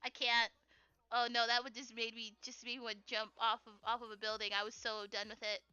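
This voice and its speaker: A young woman with a high, very bright voice chats while drawing on a stream. She rambles in an animated way, full of fillers and quick giggles. Her voice is smooth and clean over dry sound and faint music. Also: no room sound, highs cut off. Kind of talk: casual chat while drawing.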